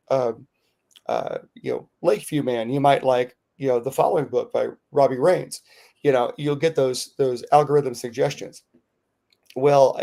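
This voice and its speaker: Gravelly-voiced man telling a rambling story. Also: mid-range voice. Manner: rambling, animated retelling with many fillers. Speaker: podcast co-host. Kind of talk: casual storytelling.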